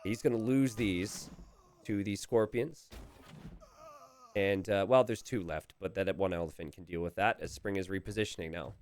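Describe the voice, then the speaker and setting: A man commentating a recorded strategy game match, animated and chuckling, calling out to the players. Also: deep voice, moderate pace.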